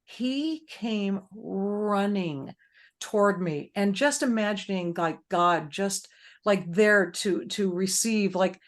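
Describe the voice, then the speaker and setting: A woman's voice: mid-range voice, slow pace. A woman hosts a faith-based grief support group over a video call. She talks in a chatty, rambling way, full of fillers and small restarts, as she tells everyday stories. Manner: chatty, storytelling with many fillers.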